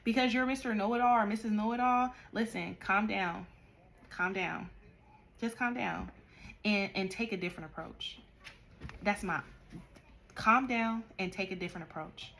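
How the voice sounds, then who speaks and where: A woman doing a tarot card reading, talking straight to the listener in a direct, animated way and scolding them at times. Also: mid-range voice, moderate pace, creaky, long pauses, slight background noise. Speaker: tarot reader.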